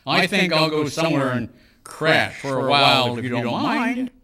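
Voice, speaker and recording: A stubborn, moody computer, voiced by a man talks back in a lively, raised voice. It sounds bright and set back from the mic in an echoey space. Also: on the high side, normal speed, recorded from a distance, a loud crowd. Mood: defiant. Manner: sulky, defiant.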